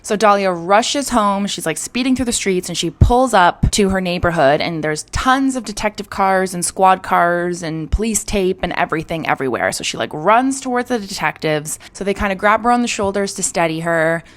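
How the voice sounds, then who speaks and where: Young woman going over a true crime case, super chatty, lots of "like", lowish voice. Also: expressive, normal speed, few pauses, fairly bright tone. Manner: chatty, full of "like" and "you know". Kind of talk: casual true crime storytelling.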